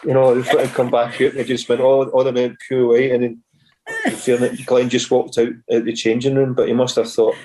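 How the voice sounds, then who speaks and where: A man's voice: mid-range voice, little pitch movement, fairly quick, darkish tone. Scottish man rambling through anecdotes. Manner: rambling anecdotes with many restarts and acted quotes. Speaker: guest, former footballer. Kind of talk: casual storytelling.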